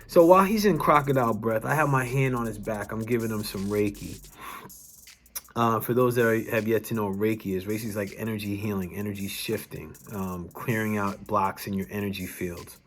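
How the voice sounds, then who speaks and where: A man's voice: lowish voice, fairly quick. Earnest man telling a personal story. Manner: earnest, emphatic, with frequent restarts and swearing. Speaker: wellness coach and vlogger. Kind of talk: casual personal storytelling to camera.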